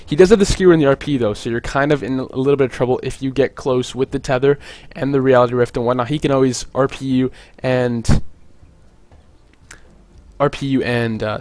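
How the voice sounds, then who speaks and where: A young man casting a video game match on his own, chatty and jokey, with many filler words and quick asides. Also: mid-range voice, steady tone, darkish tone, dry recording. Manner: rambling, jokey, lots of "like" fillers. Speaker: esports caster. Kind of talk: solo play-by-play commentary.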